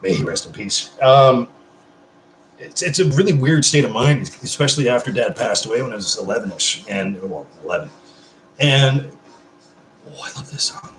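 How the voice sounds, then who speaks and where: A man in his thirties hosting a casual livestream, chatting warmly with viewers and swearing freely. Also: medium pitch, lively intonation, normal speed, reverberant, a little hiss or hum. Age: 30s. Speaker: livestream host.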